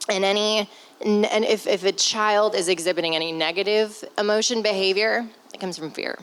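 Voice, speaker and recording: A woman's voice: mid-range voice, fairly even intonation, moderate pace, a bit bright, clean tone, low-quality recording. A woman in her thirties speaking candidly as a stepmother on a podcast, heartfelt and close to tears, with sighs and the odd swear word. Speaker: stepmother guest on a family podcast. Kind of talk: candid conversational talk.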